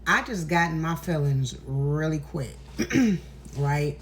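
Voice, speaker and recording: A woman's voice: low voice, lively intonation, takes it slowly, a little hiss or hum. A woman in an emotional vlog monologue, emphatic and preachy, near tears, swearing freely as she speaks into her phone indoors. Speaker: tarot content creator. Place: indoors, walking in a hallway.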